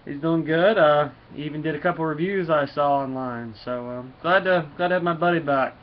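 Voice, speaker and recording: A man's voice: a little high, brisk. A man casually reviewing a comic book, rambling with lots of fillers, on a dull lo-fi recording with faint hiss.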